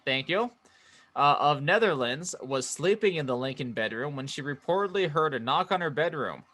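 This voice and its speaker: A man's voice: fairly high pitch, lively intonation, normal speed, bright, forceful tone. A man co-hosting a comedy podcast, reading out facts and laughing easily. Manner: reads out facts, stumbles on names, laughs easily. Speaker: podcast co-host. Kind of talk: casual comedy podcast chat.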